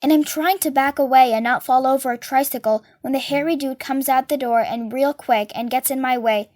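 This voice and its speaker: Casting: high-pitched woman, storybook reader, does all the voices. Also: steady tone, brisk, darkish tone. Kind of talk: reading a novel aloud.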